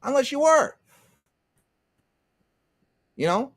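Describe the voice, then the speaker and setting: A man's voice: very high-pitched, very animated, takes it slowly. Profane, sarcastic male streamer ranting. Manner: profane, sarcastic, laughing often; reads out and answers chat. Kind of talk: ranting livestream commentary.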